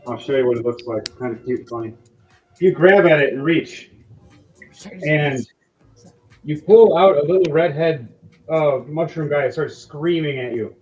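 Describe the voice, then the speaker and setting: A man narrating as game master in a relaxed, chuckling way. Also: on the high side, normal speed, pauses often, soft background music. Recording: distant, dull roomy mic.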